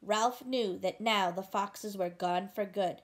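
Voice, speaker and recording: A woman reading a picture book aloud, gently pausing to ask the listener questions about the story. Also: medium pitch. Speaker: storybook reader.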